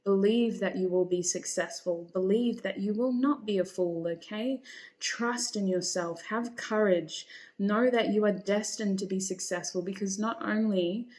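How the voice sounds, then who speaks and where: A woman's voice: medium pitch, unhurried, darkish tone. A woman reading tarot cards for her viewers, speaking in a reassuring, encouraging way and calling them honey. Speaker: tarot reader.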